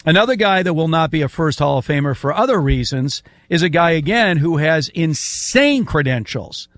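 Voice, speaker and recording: A man's voice: on the high side, lively intonation, normal speed, fairly bright tone. An older man hosting a casual sports debate, making emphatic points and reeling off statistics. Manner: emphatic, lists stats at length. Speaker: sports talk host.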